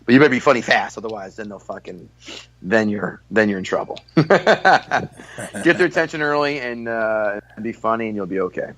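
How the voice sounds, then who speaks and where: Fast-talking, loud guest comedian man. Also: on the low side. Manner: fast, loud, forward, profane. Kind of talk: casual podcast storytelling.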